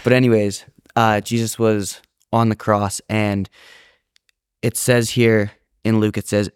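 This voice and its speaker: A man's voice: lowish voice, little pitch movement, measured pace, clear, resonant tone, no echo, clean studio sound. A man co-hosting a casual faith discussion, speaking in a heartfelt, emotional way. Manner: heartfelt, emotional, reads scripture aloud. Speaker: podcast co-host.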